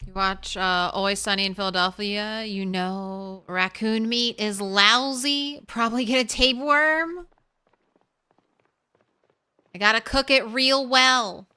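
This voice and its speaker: Bright, clear-voiced woman streamer. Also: medium pitch, slow. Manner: chatty, rambling, talks to chat. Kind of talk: casual gameplay commentary.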